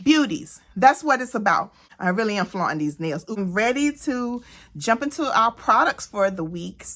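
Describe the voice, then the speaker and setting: A woman talking casually to camera as a beauty vlogger, animated and playful, sometimes preaching, addressing viewers directly. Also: medium pitch. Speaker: beauty vlogger and cosmetics consultant. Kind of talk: casual vlog chat.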